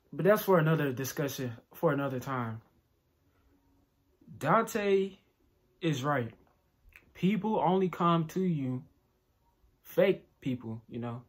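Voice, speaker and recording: A man giving casual reaction commentary to a song, talking in a halting, reflective way and often stopping to ask whether you follow him. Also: on the high side, fairly bright tone. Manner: halting, reflective, repeats "you know what I'm saying". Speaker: reaction video creator.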